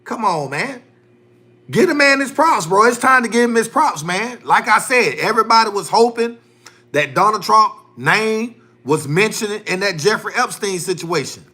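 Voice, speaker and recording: A man holds forth on his own livestream in a heated, rambling rant. His voice sits high and sounds bright and forceful. He repeats his points over and over in loose, slangy speech. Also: lively intonation, moderate pace. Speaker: livestream host.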